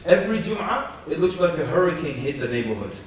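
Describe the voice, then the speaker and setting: A man with a slightly high voice preaches to a conference crowd, lively and storytelling, acting out little quotes as he goes. He is heard from a distance in a very echoey hall with faint noise behind. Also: quick pace. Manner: animated storytelling with jokes and acted quotes. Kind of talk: conference lecture.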